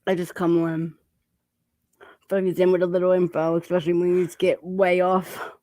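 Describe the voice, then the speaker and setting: A woman's voice: lowish voice, flat delivery, normal speed, dark tone, dry recording. Woman chatting with her mouth full, laughs a lot, dry close mic. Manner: talking while eating, laughing often. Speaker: channel host. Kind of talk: casual chat.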